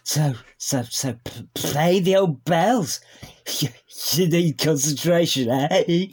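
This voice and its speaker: A man playing a loud, rambling drunken uncle at a wedding in a comedy sketch read-through, stammering and slurring. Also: a little high, slow, slightly rough.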